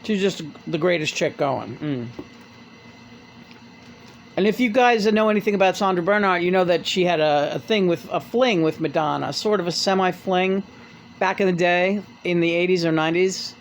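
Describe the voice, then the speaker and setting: Brief: chatty podcast host retelling a memoir, loose and profane, medium pitch, a faint hum of ambience behind. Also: moderate pace, gravelly. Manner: rambling, profane, full of restarts. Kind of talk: casual chat, retelling a memoir.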